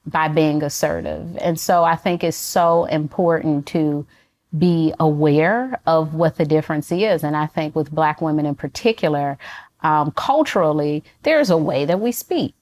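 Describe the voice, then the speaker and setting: A woman psychologist being interviewed, explaining ideas in a calm, measured, conversational way. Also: low voice. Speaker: psychologist guest.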